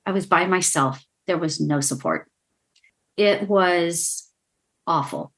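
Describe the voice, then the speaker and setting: A woman in her sixties speaks in a somewhat low voice as a podcast guest. She tells a painful personal story with tearful emotion. Her speech is halting, full of restarts and stutters. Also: fairly bright tone. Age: 60s.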